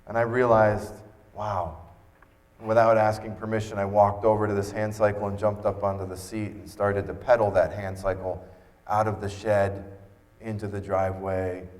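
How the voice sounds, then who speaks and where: A man's voice: fairly low pitch, normal speed. Man telling his story in a hall. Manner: earnest, acts out dialogue in lively voices. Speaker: keynote speaker. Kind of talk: personal storytelling talk. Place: expo stage.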